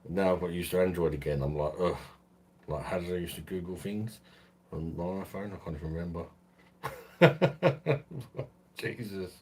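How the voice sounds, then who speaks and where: A man's voice: low voice, fairly even intonation, normal speed, long pauses, darkish tone, a little hiss or hum. A man hosting a beer channel, chatting casually and swearing on a live stream from his phone at home, laughing often.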